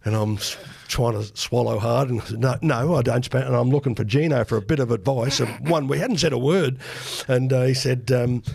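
A man in his sixties with an Australian accent, telling an animated, self-mocking anecdote as a podcast guest. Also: medium pitch, a little fast, hardly any pauses. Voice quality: gravelly, husky. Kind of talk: casual storytelling anecdote.

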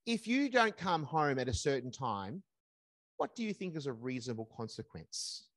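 A man's voice: medium pitch, big pitch swings, moderate pace, a bit bright, no room sound. A man presenting a live parenting seminar, emphatic and repeating his key phrases.

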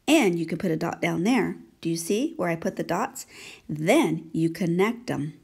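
Gentle, husky-voiced woman teaching handwriting. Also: lowish voice. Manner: gentle, slow and encouraging, asking many check questions. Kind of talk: children's handwriting lesson.

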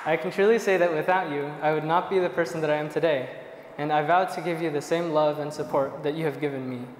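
Young man, groom reading vows, soft and emotional, fairly high voice, echoey hall, faint ambience. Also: fairly even intonation, fast, noisy background.

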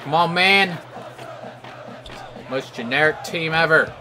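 A young man giving live gameplay commentary, joking and trash-talking, with loud outbursts at plays. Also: a little high, takes it slowly, a crowd in the background, background noise. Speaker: gaming commentator.

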